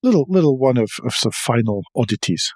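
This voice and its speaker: A man's voice: mid-range voice, very animated, fast, darkish tone, dry recording. A man co-hosting a motoring podcast in casual chat, talking with many stops and restarts. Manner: chatty, hesitant with fillers and restarts. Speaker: podcast co-host.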